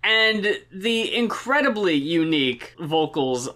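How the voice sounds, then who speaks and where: A woman's voice: lowish voice, animated, slow, sharp tone. A woman co-hosting a podcast, talking casually and bluntly about an album, swearing and laughing. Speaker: podcast co-host. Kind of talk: casual chat, album review.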